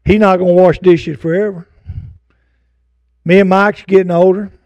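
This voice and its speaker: A man's voice: sits high, little pitch movement, normal speed, darkish tone, no echo, highs cut off. An older man preaching a fervent sermon to his congregation, with folksy asides. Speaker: pastor. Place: church sanctuary.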